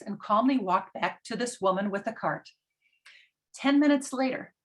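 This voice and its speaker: A woman's voice: on the high side, a bit bright. A middle-aged woman giving an earnest parenting talk, telling stories with frequent ums. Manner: earnest, storytelling with filler ums. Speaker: parenting educator. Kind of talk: presentation talk.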